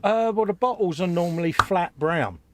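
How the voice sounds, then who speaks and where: A man's voice: sits high, lively intonation, moderate pace, noisy background. Chatty man, "mate" often. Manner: chatty, says "mate" a lot. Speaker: co-host of a live hobby stream. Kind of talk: casual banter while building models.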